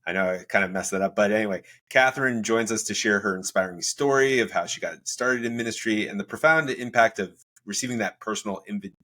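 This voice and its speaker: A man's voice: on the low side, fast, few pauses, sharp tone. A man hosting a church ministry podcast, introducing and interviewing a guest in an upbeat, chatty way that often trips over its own words. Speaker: podcast host.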